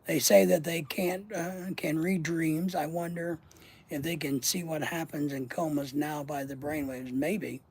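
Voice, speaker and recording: A man's voice: a little high, steady tone, a little slow, husky. A man hosting his channel and telling a long personal story in a casual, rambling way, swearing and trailing off mid-sentence. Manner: rambling, profane, often trails off. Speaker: channel host.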